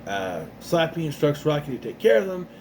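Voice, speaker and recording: A man with a fairly high, very lively voice retells a TV episode in loose, rambling talk, often starting over mid-sentence. A faint hiss of noise sits under the voice. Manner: rambling, restarts a lot, acts out lines in quick voices. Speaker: youtuber recapping an episode. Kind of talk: casual spoken recap.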